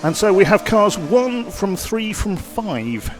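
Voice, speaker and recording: A man's voice: sits high, sing-song, slow, soft background music. Hesitant man filling in on commentary. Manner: hesitant, unsure. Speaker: stand-in co-commentator. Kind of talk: live race commentary.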